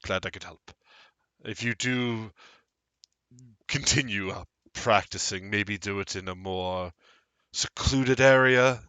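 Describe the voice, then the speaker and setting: A man's voice: lowish voice, takes it slowly, long pauses, pushed and bright, clear, resonant tone, dry recording. A man running a tabletop game as game master, narrating and ruling with a playful manner, often laughing.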